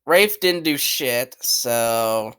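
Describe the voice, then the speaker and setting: A man's voice: medium pitch, expressive, very slow, a bit bright, clear, resonant tone. A man giving casual, opinionated commentary as a channel host, blunt and rambling, swearing freely and repeating himself. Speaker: channel host ranking cartoon characters.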